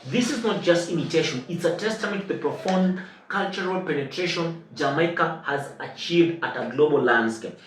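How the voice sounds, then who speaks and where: A man from Kenya hosting a reaction video, breaking clips down in a measured, explanatory way. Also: a little high. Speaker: reaction channel host. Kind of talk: reaction commentary. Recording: echoey room, mic at a distance, faint hiss.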